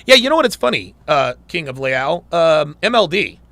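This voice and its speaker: Animated, crude livestream host. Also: male voice, a little high, normal speed, creaky, no room sound. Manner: animated, crude, joking banter. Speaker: livestream host reading chat. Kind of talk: casual livestream chat.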